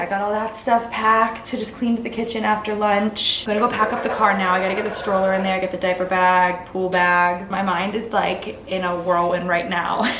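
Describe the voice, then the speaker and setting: A woman's voice: mid-range voice, a bit bright, a little hiss or hum. Chatty woman vlogging in an echoey room. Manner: rambling, chatty, heavy use of "like". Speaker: vlogger and mom of twin toddlers. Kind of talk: casual vlog chat to camera. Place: at home.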